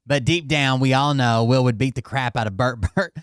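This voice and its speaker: A man hosting a reaction show, delivering mocking, deadpan commentary and swearing casually. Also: mid-range voice, moderate pace, smooth, no echo, studio quality. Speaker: host.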